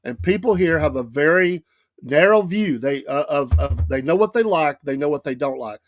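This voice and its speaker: A man's voice: on the high side, lively intonation, normal speed. A man hosting a talk show, giving emphatic, repetitive political commentary with frequent restarts. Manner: emphatic, repetitive, frequent restarts and "I'm gonna tell you". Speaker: radio talk show host.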